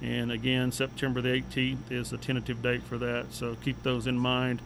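Flat-voiced man giving city updates. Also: medium pitch, vocal fry, noisy background. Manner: plain, unhurried, with many fillers. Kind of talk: radio talk segment.

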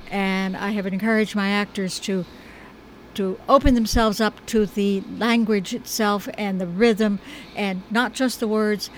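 A woman's voice: mid-range voice, a little hiss or hum, rough recording. Chatty American woman director. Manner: chatty, thoughtful, gently humorous. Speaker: stage director. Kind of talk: conversational interview.

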